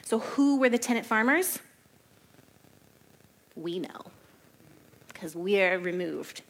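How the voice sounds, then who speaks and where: A woman giving a casual Bible study, chatty and animated, often laughing and saying "like". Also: mid-range voice, slow pace. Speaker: Bible teacher.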